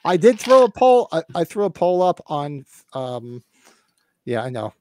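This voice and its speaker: A man in his fifties co-hosting a casual livestream podcast, excited, swearing freely and acting out movie lines. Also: on the high side, a little slow, slight background noise. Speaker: podcast co-host.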